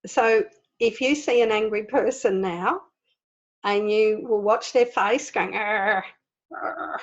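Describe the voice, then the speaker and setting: A woman leading an online group in an informal spiritual talk, earnest and animated, laughing often as she explains. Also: medium pitch, slow pace, muffled recording. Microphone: video call.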